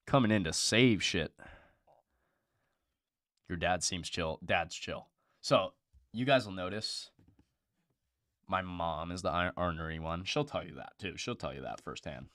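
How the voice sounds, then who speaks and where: A man's voice: deep voice, unhurried, long pauses, a bit bright, no room sound, studio quality. A young man hosting a live stream in casual chat, blunt and profane, with lots of "bro" and "dude".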